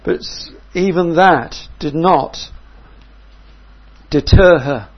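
Male preacher, sermon, slow and deliberate, slightly husky, dull lo-fi recording. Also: a little high. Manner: measured, reflective, asks the listeners questions.

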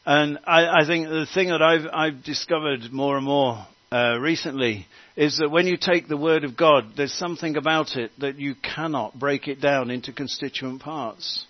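A man's voice: on the high side, moderate pace, hardly any pauses, dry recording. Earnest preacher man, dry muffled sound. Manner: earnest preaching with fillers and restarts. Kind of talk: sermon.

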